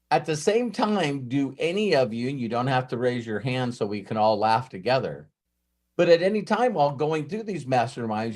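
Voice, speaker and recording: A man coaching a live mastermind group, telling animated stories and acting out quoted dialogue. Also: mid-range voice.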